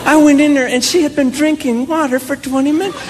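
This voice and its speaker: A man doing stand-up, telling a story as an exasperated father with animated delivery. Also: very high voice, brisk, background noise. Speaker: stand-up comedian. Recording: live stand-up with loud crowd laughter. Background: audience laughter.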